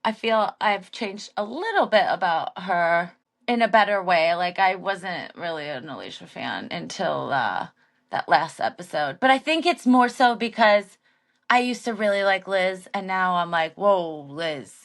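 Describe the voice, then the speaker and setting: A woman co-hosting a podcast, chatting casually about a reality show and acting out quotes in an animated way. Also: lowish voice, normal speed. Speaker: podcast co-host.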